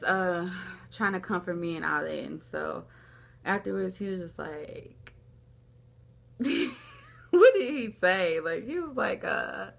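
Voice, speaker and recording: In her mid-range voice with vocal fry, a young woman at home shares a personal story for her vlog. She rambles casually, leans on "like," and performs the quoted dialogue of others.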